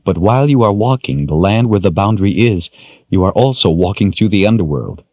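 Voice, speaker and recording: A shaken young woman speaks of the dead in a grave, fragile tone, as a man reads her part. Her pitch swings widely as fear breaks through. The recording is dry and slightly muffled. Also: expressive, a little fast, a little mellow, dry recording. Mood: haunted, grave.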